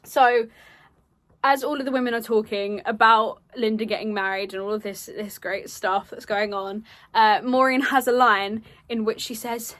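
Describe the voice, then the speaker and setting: A woman's voice: a little high, fairly even intonation, normal speed, a bit bright. A young woman, a drama student, casually presenting her project in a chatty way with playful asides and frequent ums.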